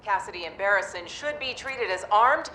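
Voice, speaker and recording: An actress playing a formal television news anchor, heard from a TV set in a film scene. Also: female voice, mid-range voice, expressive, moderate pace, bright, forceful tone, slight background noise, poor audio. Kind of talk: film acting.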